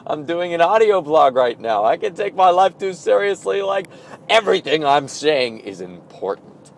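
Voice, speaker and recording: Lively, playful man talking in an audio blog. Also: on the high side, moderate pace, vocal fry, a little hiss or hum. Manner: playful, self-mocking, rambling. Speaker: audio blogger. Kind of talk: casual spoken reflection.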